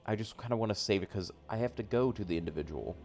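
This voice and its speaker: A man playing a tabletop role-playing game, describing his actions and speaking his character's lines in a measured, formal way. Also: on the low side, lively intonation, darkish tone, soft background music. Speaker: player.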